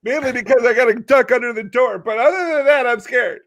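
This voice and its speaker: A man's voice: extremely high pitch, big pitch swings, measured pace, gravelly, a bit bright, pitched above the performer's own voice, exaggerated voice. A man voicing a tall, scared young college basketball player in a whiny, mock-fearful way.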